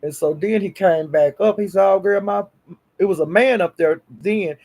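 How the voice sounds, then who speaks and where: A man telling a gossipy story in a casual, animated way. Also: high voice, normal speed.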